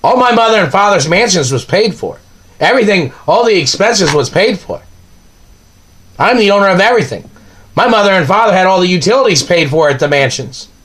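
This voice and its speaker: A man's voice: sits high, expressive, brisk, fairly bright tone. A man delivering an angry, accusing monologue, ranting and firing off repeated questions.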